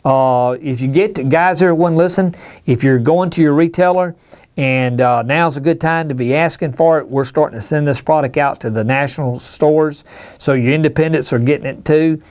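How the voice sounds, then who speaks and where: A man's voice: a little high, moderate pace, a little mellow, smooth. A man from Alabama, hosting a hunting call-in show in a folksy, rambling way. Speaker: radio show host. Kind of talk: casual call-in chat.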